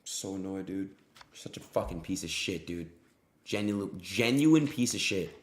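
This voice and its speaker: A young man live-streaming his gambling, swearing freely and swinging between yelling and muttering. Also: deep voice, expressive, measured pace. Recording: roomy echo.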